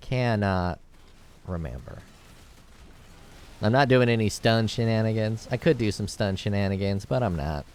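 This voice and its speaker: A man's voice: fairly low pitch, expressive, moderate pace, long pauses, a little mellow. A man giving casual gameplay commentary, thinking aloud as he plays and rambling into jokes with the odd curse. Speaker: gameplay video creator.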